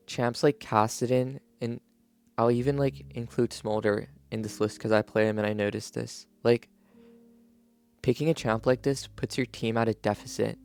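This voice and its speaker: A man talks through game patch changes in a loose, rambling way, restarting sentences and leaning on "like" constantly. His voice is smooth and clear, though still groggy from just waking up, with soft guitar music playing faintly underneath. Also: medium pitch. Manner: rambling, heavy use of "like", frequent restarts. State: just woke up, morning voice. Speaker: video creator reviewing game patch notes. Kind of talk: casual unscripted commentary.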